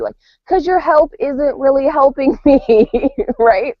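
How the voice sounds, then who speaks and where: Podcast co-host, woman, animated casual storyteller, dry dull lo-fi recording. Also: high voice, a little slow, no room sound. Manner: animated storytelling with acted-out quotes and laughter. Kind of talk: casual chat. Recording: dull lo-fi sound.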